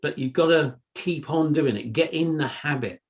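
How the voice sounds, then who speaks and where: A man's voice: fairly high pitch, normal speed, highs cut off. A man co-hosting a podcast, chatting casually and telling stories full of "you know". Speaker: podcast co-host. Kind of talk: casual chat.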